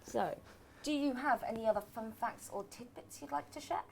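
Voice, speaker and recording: A woman hosting a livestream panel, playful and quick to laugh, acting out example lines. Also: on the high side, vocal fry, a little mellow, slight background noise. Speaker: host.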